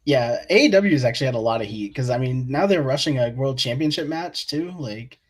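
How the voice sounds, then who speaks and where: A man's voice: medium pitch, expressive, brisk. Laid-back guest man from Boston. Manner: laid-back, hesitant with fillers. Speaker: podcast guest. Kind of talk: casual wrestling podcast chat.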